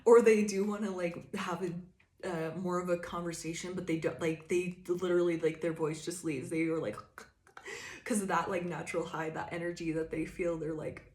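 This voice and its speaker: A chatty woman gives a casual tarot reading, rambling, laughing often and restarting her thoughts mid-sentence. Her voice sits a little low for a woman. The room has a noticeable echo. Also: fairly even intonation, moderate pace, darkish tone. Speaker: tarot reader. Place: room indoors by a window.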